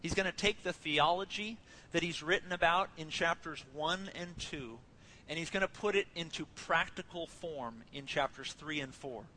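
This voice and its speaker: A man's voice: fairly high pitch, normal speed, sharp tone, a little hiss or hum, poor audio. A man in his thirties preaching a sermon as a pastor, conversational and joking, telling family stories.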